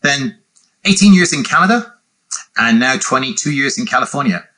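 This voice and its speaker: A man in his sixties with a softened British accent, a guest on a podcast interview, explaining in a measured, self-deprecating way. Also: mid-range voice, lively intonation. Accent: British, softened West Country and Midlands, some North American. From England. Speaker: guest, sales consultant.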